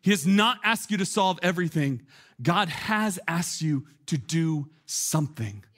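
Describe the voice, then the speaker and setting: A man in his thirties preaching a sermon as a pastor, conversational and animated, full of filler words, climbing toward near shouts. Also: fairly high pitch, a little slow.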